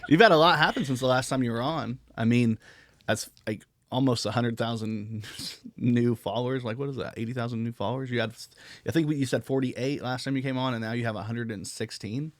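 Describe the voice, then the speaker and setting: A man's voice: medium pitch, a little fast, dry recording. Man, podcast host, casual swearing storyteller, dry close mic. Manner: animated, swearing, rambling anecdote.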